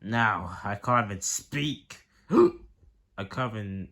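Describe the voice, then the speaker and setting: A man's voice: lowish voice, expressive, slow pace, fairly bright tone, full character voice. A man doing Mario, gasping with hiccups. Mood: hiccuping. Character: plumber hero with hiccups, gasping. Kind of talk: plush toy skit.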